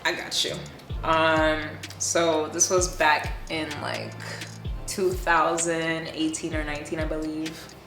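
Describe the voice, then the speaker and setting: Brief: woman tattoo artist, frank and lively anecdote-teller; lower pitch; echoey room with soft background music. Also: slow. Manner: animated, blunt and profane, laughs often. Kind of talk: casual storytelling chat. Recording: roomy echo with faint music.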